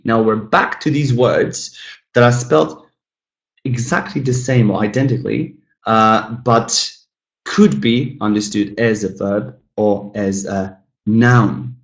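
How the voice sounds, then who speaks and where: A man teaching an online English lesson, modelling words slowly and clearly, encouraging and playful with his students. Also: mid-range voice, echoey room, poor audio.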